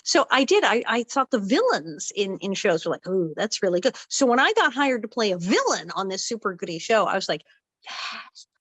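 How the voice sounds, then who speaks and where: A middle-aged woman telling stories as a guest in a casual interview, animated and acting out the voices she quotes. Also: mid-range voice, brisk, few pauses, husky, no echo, rough recording. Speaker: guest actress.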